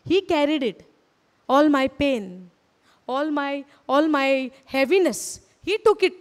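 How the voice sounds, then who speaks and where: High-voiced woman preaching in a hall. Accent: Indian English. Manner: earnest, repeats phrases, asks the audience questions. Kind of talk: sermon. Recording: hall reverb.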